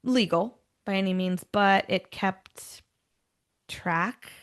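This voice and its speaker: Gravelly-voiced woman hosting a true-crime podcast. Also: mid-range voice, slow pace. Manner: switches between scripted storytelling and chatty asides. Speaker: podcast host. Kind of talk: casual true-crime chat mixed with read narration.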